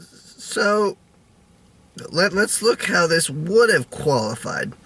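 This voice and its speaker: A man vlogging in a halting, rambling way, full of restarts and fillers, with a melodramatic, self-pitying tone. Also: sits high, very animated, a bit bright, slightly rough. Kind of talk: rambling video diary.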